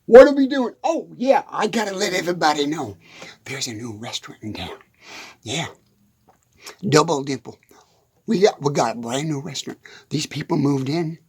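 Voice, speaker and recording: A man with a husky, slightly breathy voice and a drawl, joking his way through a loose country comedy ramble. He laughs through his sentences and trips over words. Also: fairly high pitch, very animated, normal speed, long pauses, a little mellow. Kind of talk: rambling comic monologue. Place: hot dusty shed.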